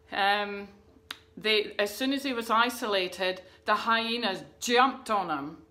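A woman's voice: on the high side, sharp tone. A woman pastor preaching a livestreamed sermon, earnest and rousing, asking the listeners questions. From New Zealand. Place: church livestream.

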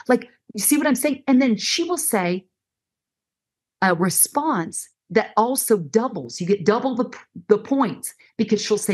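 Animated woman counselor acting out quotes. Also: fairly high pitch, unhurried, breathy edge. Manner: animated, acts out quoted dialogue in shifting voices. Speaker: counselor and guest speaker. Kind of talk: conversational teaching on a faith podcast.

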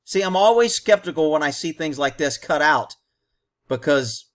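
A man's voice: a little high, expressive, normal speed. A man hosting a commentary on a training video, talking bluntly and combatively in short, punchy explanations.

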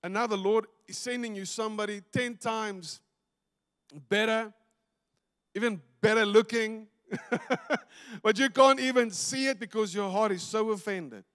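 A South African pastor preaches in a fairly high voice, telling stories and swinging from loud bursts down to near-hushed moments. The sound carries the long reverb of a church hall. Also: male voice, unhurried, long pauses. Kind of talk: sermon. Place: church sanctuary.

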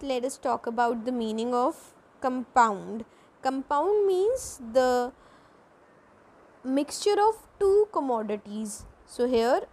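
A woman's voice: high voice, a little mellow, poor audio. A woman teacher, explaining a grammar lesson and answering her own questions.

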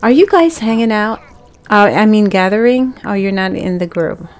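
A woman giving casual gameplay commentary, chatting to the characters on screen and bursting into excited exclamations. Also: mid-range voice, moderate pace. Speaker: gaming channel host.

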